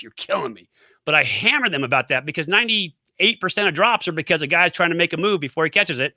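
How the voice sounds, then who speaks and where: Middle-aged coach guy, punchy and repeats his points, super bright voice, kinda high. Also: no room sound, clean studio sound. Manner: emphatic, repeats points, storytelling. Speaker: guest, former quarterback and coach. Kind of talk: casual interview, coaching talk.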